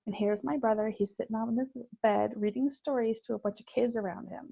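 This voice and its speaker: Woman guest telling a story, gravelly voice, lots of ums, dull lo-fi sound. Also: fairly high pitch, fairly even intonation, no room sound. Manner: reflective, halting with many fillers. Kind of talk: personal storytelling in conversation.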